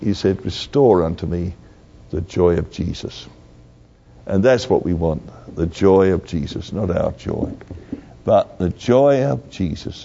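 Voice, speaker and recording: An older man preaching a sermon slowly and earnestly, repeating his key phrases. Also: low voice, creaky, mellow. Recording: dull lo-fi recording.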